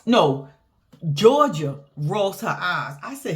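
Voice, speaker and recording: Speaking a little slowly in a mid-range voice, a woman recaps a reality show in casual, profane chat. She's animated, laughs often and acts out what people said.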